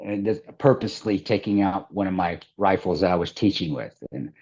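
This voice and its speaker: A man's voice: low voice, fairly quick, a little mellow, breathy edge, dull audio. A middle-aged man from the American Midwest, telling a story as an interview guest, rambling with restarts and laughter. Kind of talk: casual storytelling.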